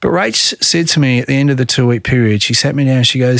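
A middle-aged Australian man telling his own story in a podcast interview, earnest and measured. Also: mid-range voice, creaky, a bit bright, dry recording, studio quality. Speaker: guest.

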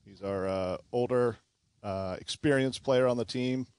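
A man's voice: mid-range voice, a little slow, darkish tone, clean tone, dry recording. A man, a club golf pro explaining his junior program as a radio guest, with many fillers. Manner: friendly, filler-heavy explanations.

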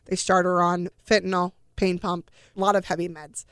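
A woman's voice: lowish voice, flat delivery, normal speed, a bit bright, smooth, no echo, clean studio sound. A woman in her forties, a mother earnestly recounting a family story as an interview guest, sighing often and acting out what each person said.

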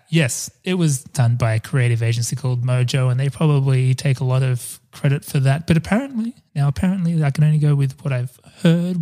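Man, podcast host, casual storytelling, slightly high voice. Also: warm tone. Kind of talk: casual chat.

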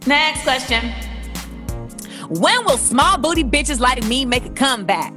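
A woman's voice: high voice, animated, unhurried, sharp tone, soft background music. A young woman hosting a casual chat and answering listener questions in a blunt, candid, sometimes profane way. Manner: blunt, candid and profane, with playful voices for quotes.

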